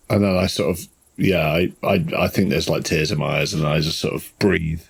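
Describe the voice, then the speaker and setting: Husky, very deep-voiced man. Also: fairly even intonation, moderate pace. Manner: describes his character's actions, laughs easily. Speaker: player. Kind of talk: narrating a character in a tabletop game.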